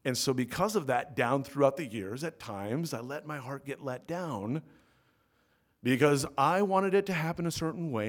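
A man preaching a sermon as pastor in a church, swinging between loud emphatic peaks and soft low asides. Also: animated, normal speed. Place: church sanctuary.

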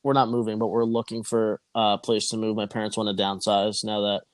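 A man's voice: lowish voice, little pitch movement, brisk, no room sound. Rambling, swearing young man telling a story. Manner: rambling, swears casually, restarts often. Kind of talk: casual storytelling chat.

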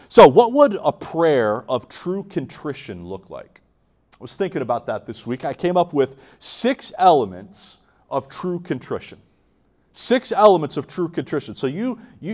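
A man's voice: on the high side, a little mellow. An earnest man preaching to his congregation, his voice sitting a little above the usual male range. He often stumbles and repeats words as he restarts a thought, and keeps asking the listeners direct questions. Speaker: pastor. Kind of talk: sermon.

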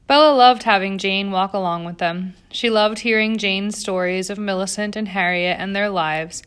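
Female audiobook narrator, measured and steady, mid-range voice. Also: medium pitch, clear, resonant tone. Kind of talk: scripted narration.

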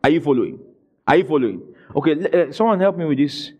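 A man preaching a sermon, asking his congregation questions and rising into shouted emphasis. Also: fairly high pitch, lively intonation, quick pace, lo-fi sound. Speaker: pastor.

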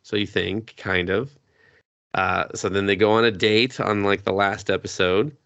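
Low-voiced man in casual podcast chat. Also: fairly even intonation, normal speed, creaky, fairly bright tone, no room sound, lo-fi sound. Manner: rambling, swears freely, acts out characters' lines. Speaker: podcast co-host. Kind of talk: casual anime recap chat.

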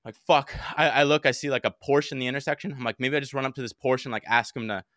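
A young man telling a story in casual podcast chat, animated and swearing a lot. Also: mid-range voice, fast, no echo, clean studio sound. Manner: animated, heavy swearing, acts out his own shouts. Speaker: podcast co-host.

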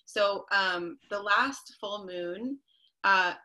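A woman hosting a relaxed podcast conversation. Her voice is bright and clear, set at an ordinary pitch for a woman. She talks in loose, winding sentences full of "um" and "you know". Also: very slow. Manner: warm-hearted rambling with many fillers. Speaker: podcast host. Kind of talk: casual interview chat.

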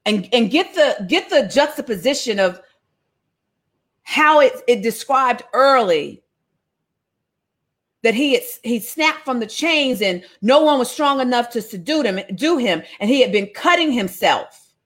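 A woman's voice: fairly high pitch, expressive, unhurried, fairly bright tone. A woman teaching a Bible passage in a casual, slangy, storytelling sermon.

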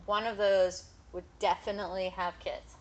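A woman's voice: medium pitch, flat delivery, normal speed, a little hiss or hum, poor audio. A woman in casual podcast chat, talking frankly and thinking aloud, swearing often.

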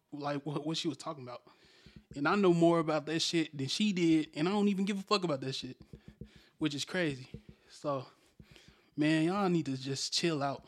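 Young male podcast co-host, higher register, loose slangy storyteller. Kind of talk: casual podcast chat.

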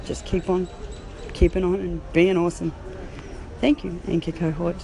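A woman's voice: lowish voice, level tone, normal speed, vocal fry, mellow, a little hiss or hum, rough recording. An Australian woman hosting a podcast, talking casually with a chatty, laughing manner, recorded on a phone while riding a train. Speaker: podcast host. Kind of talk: casual voice-note chat.

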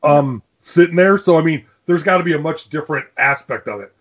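A man chatting casually about movies as a co-host, rambling and animated, with lots of restarts and asides. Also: on the high side, brisk, breathy edge, dull audio. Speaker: podcast co-host.

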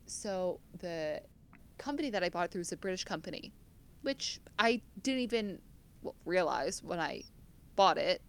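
A woman's voice: fairly low pitch, lively intonation, normal speed, smooth. A young American woman co-hosting a podcast, chatting casually and laughing at herself. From United States. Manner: chatty, self-deprecating, laughs often. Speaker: podcast co-host. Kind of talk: casual chat.

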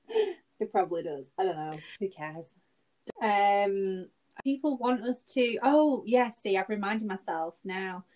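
A chatty woman from the UK co-hosts a podcast, laughing easily between remarks. Her voice sits at a middling pitch, neither high nor low, and she talks in a relaxed, easygoing way. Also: poor audio. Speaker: podcast co-host. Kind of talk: casual chat. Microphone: remote recording.

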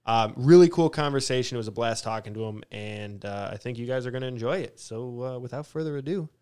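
A man's voice: mid-range voice, fast talker, a little mellow, clean tone. A young man hosting a podcast, chatting loosely with plenty of ums. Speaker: podcast host. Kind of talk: casual podcast chat.

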